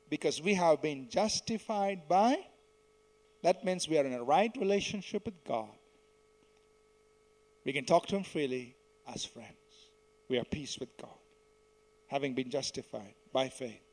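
A preacher with a fairly high voice moves through scripture verse by verse, speaking in an animated, unhurried way. He asks the congregation to echo his lines, getting loud on important words and quiet as phrases close.

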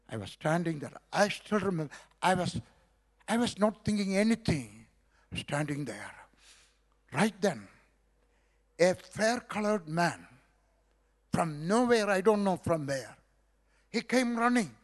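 A middle-aged preacher from South India, with an Indian accent, gives a sermon testimony in story form, acting out the dialogue. His high voice is animated yet a little slow, with long pauses.

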